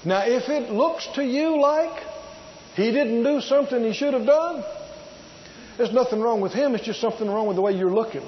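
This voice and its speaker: Emphatic high-voiced preacher, dull sound. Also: male voice. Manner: emphatic, repeats key words, drawn-out stresses; asks the congregation rhetorical questions. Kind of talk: sermon.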